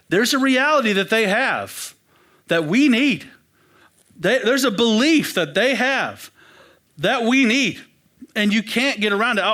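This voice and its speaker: A young pastor tells his own story in a church, animated and quick to poke fun at himself. His voice sits high and sounds bright and lively. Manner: animated, self-deprecating storytelling. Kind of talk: storytelling sermon. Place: church sanctuary.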